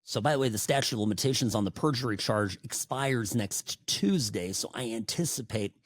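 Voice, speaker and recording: A middle-aged man hosting a talk radio show, delivering an opinionated, sarcastic monologue that swings between loud outbursts and hushed asides. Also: mid-range voice, expressive, brisk, dry recording.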